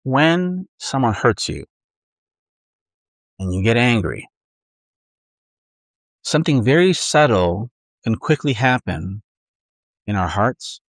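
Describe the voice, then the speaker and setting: A man preaching in an earnest, conversational way, acting out what people tell themselves. His voice sits at a middle pitch. The sound is dry and close, with no room around it. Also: sing-song, takes it slowly, pauses often, dry recording. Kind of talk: sermon.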